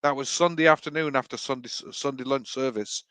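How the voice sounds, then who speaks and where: A man's voice: mid-range voice, fairly quick, fairly bright tone, smooth, no room sound. Swearing man telling rowdy anecdotes. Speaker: livestream host. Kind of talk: casual chat, storytelling.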